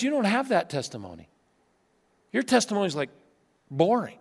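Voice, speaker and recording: A male pastor preaching a sermon, telling funny stories and swinging between loud bursts and hushed asides. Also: high-pitched, brisk, creaky, pauses often, husky. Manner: animated storytelling with humor, swinging from loud to hushed. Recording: long reverb of a large hall.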